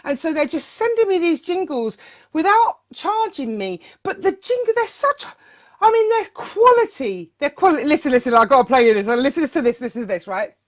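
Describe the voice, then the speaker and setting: A woman DJ speaking as a guest in a casual interview, animated and emotional, often repeating her words. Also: high-pitched, a little fast, lo-fi sound.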